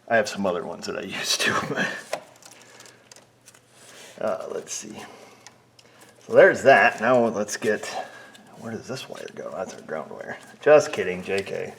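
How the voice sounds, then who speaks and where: A man's voice: low-pitched, creaky, fairly bright tone. A man working as an auto mechanic, chatting casually and joking to himself as he works in his repair shop. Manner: joking, rambling, talks to himself and the parts. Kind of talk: casual workshop vlog, talking while working. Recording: noisy garage with tool clicks.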